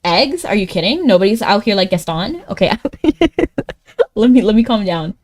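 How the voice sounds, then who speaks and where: A woman streaming live in casual chat, thinking aloud as she plays a word game, laughing often and jumping up in pitch when excited. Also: moderate pace.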